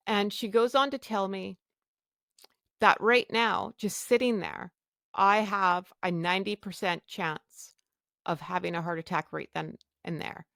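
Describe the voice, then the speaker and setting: Blunt woman podcaster telling her own story, slow and candid, dry close mic. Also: medium pitch, fairly even intonation, gravelly, a bit bright, dry recording. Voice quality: blunt, frank, self-mocking. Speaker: podcast host.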